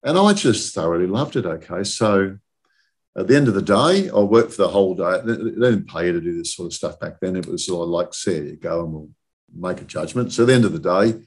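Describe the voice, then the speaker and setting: Older man in his sixties, low voice; casual guest spinning loose, anecdotal stories. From southern England. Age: 60s. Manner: rambling anecdotal storyteller, often checks in with "okay?". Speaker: guest, industry chief executive. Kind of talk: casual podcast chat.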